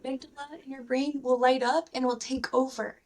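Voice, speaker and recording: A woman's voice: high voice, brisk, recorded from a distance, a little hiss or hum. A woman therapist, a guest on a podcast, speaking enthusiastically and animatedly, with many uses of "like". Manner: enthusiastic, animated, heavy use of "like". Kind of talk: conversational podcast interview.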